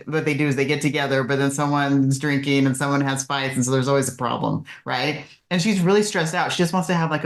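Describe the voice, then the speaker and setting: A woman co-hosting a casual podcast chat, telling stories in a chatty, animated way. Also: rumbling low. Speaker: podcast co-host. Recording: roomy echo.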